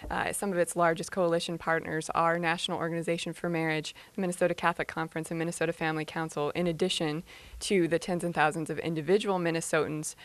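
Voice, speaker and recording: A woman speaking as spokesperson for an advocacy coalition, answering reporters' questions in a brisk way. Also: low voice, little pitch movement, no room sound. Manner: brisk, with fillers and restarts.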